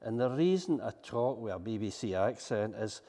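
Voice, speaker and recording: A Scottish man reading a poem aloud as a gruff male newsreader who speaks broad Scots, slow and emphatic. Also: lowish voice, lively intonation, mellow. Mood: defiant. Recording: long hall reverb.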